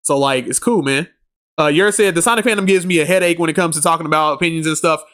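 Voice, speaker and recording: A man's voice: fairly high pitch, fast talker, fairly bright tone. A man streaming a game live, reading chat aloud in a laid-back, slangy way and laughing often.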